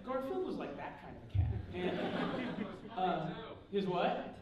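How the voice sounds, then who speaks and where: A man's voice: sits high, very animated, takes it slowly, highs cut off, over a noisy crowd. A man telling comic stories to a live audience at a convention panel, mocking himself and acting out quoted dialogue. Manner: joking, self-mocking, acts out quoted dialogue. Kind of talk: comedic storytelling to a live audience. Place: large convention panel hall. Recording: echoey hall from far off, noisy.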